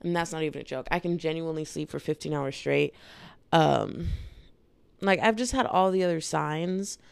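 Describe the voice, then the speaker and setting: Low, gravelly young woman podcasting casually. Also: normal speed, no echo. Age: 20s. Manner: candid, rambling, slangy. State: dry, irritated throat. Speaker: podcast host. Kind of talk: casual solo podcast talk.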